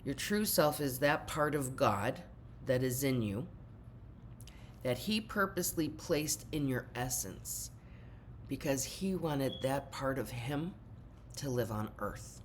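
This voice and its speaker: An older woman with a very deep voice speaks directly to her viewers in an earnest spiritual vlog talk. A faint hiss sits behind her. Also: animated, slow. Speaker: spiritual teacher.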